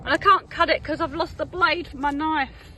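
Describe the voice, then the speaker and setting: A British woman with a fairly high voice chats casually to camera on a road trip. She reflects aloud and talks herself through small mishaps in an easygoing way. Faint background noise sits under her voice outdoors. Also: steady tone, normal speed, sharp tone. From United Kingdom. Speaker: motorcycle touring vlogger. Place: outdoors by a roadside.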